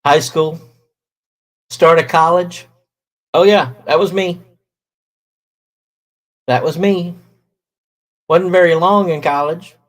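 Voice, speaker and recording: A middle-aged man, hosting a casual livestream, talking slowly with many fillers as he greets viewers in chat. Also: fairly high pitch, low-quality recording. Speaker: livestream host reading chat.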